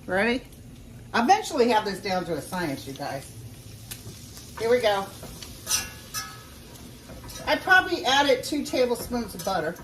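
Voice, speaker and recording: A woman's voice: mid-range voice, sing-song, unhurried, pauses often, a bit bright. Woman home cook for a casual cooking vlog, folksy and chatty with viewers, recorded off-mic in an echoey kitchen with faint noise. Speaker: home cook showing a recipe. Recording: roomy sound from a distance.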